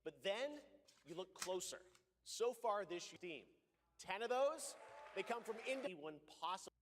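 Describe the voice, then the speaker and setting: An upbeat man hosts a game showcase, speaking with punchy emphasis straight to the players. His voice sits fairly high. A long echo hangs around him in a big hall, with faint noise behind. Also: expressive, a little slow, a bit bright. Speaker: showcase host. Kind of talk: scripted stage presentation.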